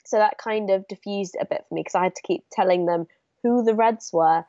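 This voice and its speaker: A woman's voice: mid-range voice, brisk, dry recording. Enthusiastic woman, dull dry line. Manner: enthusiastic, animated storytelling. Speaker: podcast co-host. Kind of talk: casual chat.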